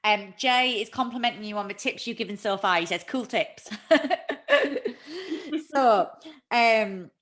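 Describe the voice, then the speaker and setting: A woman hosts a casual livestream chat in a medium-pitched, fairly bright voice, speaking a little slowly. She talks freely and chattily, laughing often and poking fun at herself.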